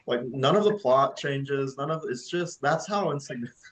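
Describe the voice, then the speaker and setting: A man's voice: medium pitch, lively intonation, moderate pace, a bit bright. Man actor guest, jokey, self-mocking, casual. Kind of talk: casual chat.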